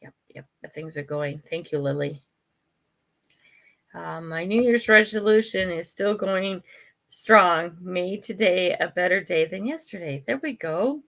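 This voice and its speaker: A woman's voice: lowish voice, a little slow, fairly bright tone. An older woman hosting a casual livestream, reading and answering viewer comments in a frank, chatty way, laughing often and breaking off to apologize. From United States. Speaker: livestream host.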